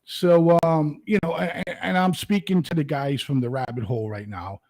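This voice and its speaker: A man's voice: fairly high pitch, moderate pace, a little mellow, no room sound, low-quality recording. A man hosting a morning show, rambling in a casual, profane monologue full of fillers.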